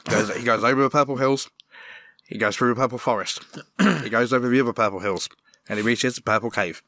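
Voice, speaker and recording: Middle-aged male co-host spinning a silly story, bright tone, dry recording. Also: mid-range voice, brisk, no echo. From Britain. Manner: repetitive shaggy-dog joke telling, laughing through lines. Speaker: podcast co-host. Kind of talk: comic storytelling among friends. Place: garage.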